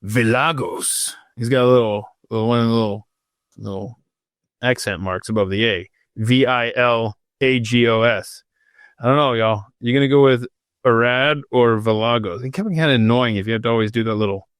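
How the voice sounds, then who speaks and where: A man's voice: mid-range voice, normal speed, clear, resonant tone, dry recording, studio quality. A man hosting a podcast in an unscripted, casual way, drifting off topic into self-mocking asides while reading out history. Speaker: podcast host.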